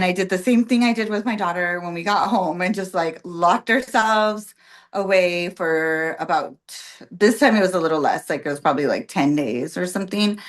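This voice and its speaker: A woman guest on a podcast telling her birth story in casual chat, with many fillers like "like" and "um", acting out what others said. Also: on the low side. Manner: chatty, full of "like" and "um", acts out quoted voices.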